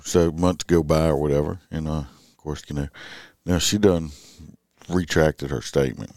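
A man's voice: rumbling low, moderate pace, a little mellow, no room sound, clean studio sound. A middle-aged man, a police officer talking in a casual, rambling late-night monologue full of fillers and restarts.

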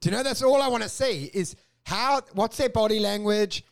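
High-voiced man telling crude stories. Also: moderate pace, gravelly. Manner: crude, rambling, animated storytelling. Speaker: podcast co-host. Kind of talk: casual comedic chat.

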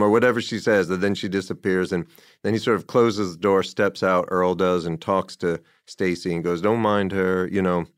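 Deep-voiced man rambling about a film. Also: fairly even intonation, normal speed, dry recording, clean studio sound. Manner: rambling, enthusiastic, quotes dialogue in passing. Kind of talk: casual film discussion.

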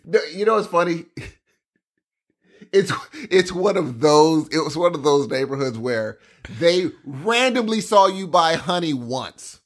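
A young man on co-host duty, chatting casually, animated and excitable. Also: a little high, measured pace. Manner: animated, excitable, says "dude" a lot. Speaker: podcast co-host. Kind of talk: casual chat.

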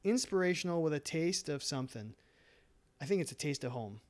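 An easygoing man with a Minnesota accent reads listener reviews aloud on a casual podcast. He pokes fun at himself as he goes, in a fairly high voice for a man. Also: lively intonation, fairly quick, darkish tone. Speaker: podcast co-host.

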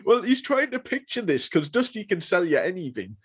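Animated man telling wrestling stories. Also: sits high, a little fast, husky. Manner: animated storyteller, swears, acts out quotes. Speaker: podcast co-host. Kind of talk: casual wrestling chat.

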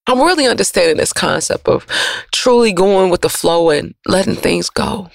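A woman radio host, giving an emotional, preachy motivational monologue that swings from loud to soft. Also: medium pitch, animated, moderate pace, gravelly, no room sound, studio quality.

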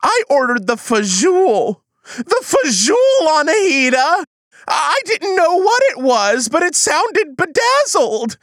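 High, lively woman hamming up a sketch. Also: a little slow, hardly any pauses, dry recording, studio quality. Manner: whiny, melodramatic, folksy "I tells ya" delivery. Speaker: comedic actor in a sketch. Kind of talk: comedy sketch acting.

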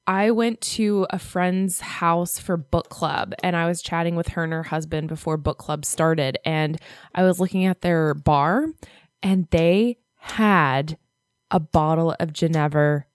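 A young woman co-hosting a podcast in casual chat, animated, laughing often and swearing casually. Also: sits low, slow, no room sound, studio quality. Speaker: podcast co-host.

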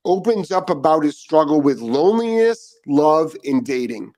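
A middle-aged man hosting a live dog training show, ranting with profanity and repetition, then chatting more calmly with viewers. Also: fairly high pitch, moderate pace. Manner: calmer chatty greeting of commenters. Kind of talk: ranting live stream monologue.

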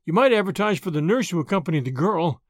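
A man reading the part of a grave, kindly older lawyer who speaks in a measured way. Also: sits high, animated, no room sound, studio quality. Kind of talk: audiobook character reading.

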